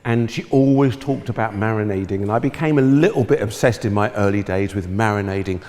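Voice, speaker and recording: A man's voice: lowish voice, brisk, darkish tone, in a large hall. A man telling stage anecdotes to an audience, theatrical and exclamatory, laughing often. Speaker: television chef.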